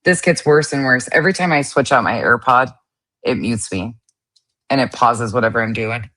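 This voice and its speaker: Woman host reacting to clips, really low deep voice, kinda irritated, blunt. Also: normal speed, pushed and bright. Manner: irritated, blunt, swears casually. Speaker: commentary host. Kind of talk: casual reaction commentary.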